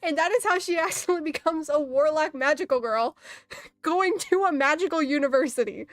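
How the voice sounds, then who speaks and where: A young woman, an artist streamer, chats casually while she draws, telling a story packed with swearing and frequent laughter. Her voice sits high and moves a little fast. The recording is dry, with faint music in the background.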